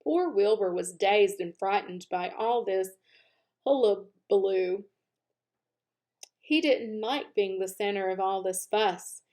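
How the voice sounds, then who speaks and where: A woman reading a children's novel aloud, with expressive, animated narration as the channel's regular reader. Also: mid-range voice, takes it slowly. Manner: expressive, animated narration, speeds up at lively moments. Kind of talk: storybook read-aloud.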